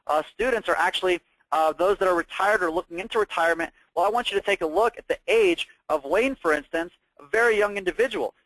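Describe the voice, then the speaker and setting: A man with a high voice makes an upbeat sales pitch for a trading course. He keeps asking the audience rhetorical questions. The sound is dry and close. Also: a bit bright, no room sound, low-quality recording. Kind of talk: sales presentation.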